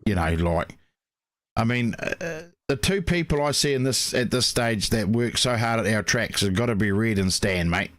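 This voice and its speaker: A man's voice: lowish voice, expressive, normal speed, a bit bright, no room sound, studio quality. A man co-hosting a racing show, telling long rambling stories full of "mate, you know". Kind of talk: casual chat.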